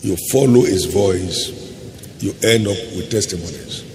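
A gravelly-voiced older pastor preaching in a large, echoing church hall with long reverb. His delivery swings from booming, high declarations to low, hushed phrases and slowed-down emphasis, over a faint hum of room ambience. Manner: preaching with dramatic swings in pitch and loudness, drawn-out emphatic phrases. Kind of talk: sermon.

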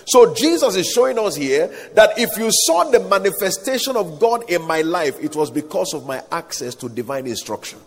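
Husky preacher with a lively, high voice. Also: male voice, moderate pace, few pauses. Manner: emphatic preaching with call-and-response. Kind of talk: sermon. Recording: echoey hall, voice at times off-mic.

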